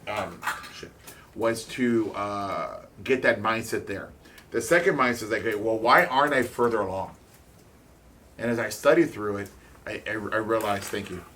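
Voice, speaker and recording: A man giving a blunt, candid motivational talk as a real estate investor, swearing freely, speaking in quick bursts with halting restarts. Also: lowish voice, a bit bright, a little hiss or hum.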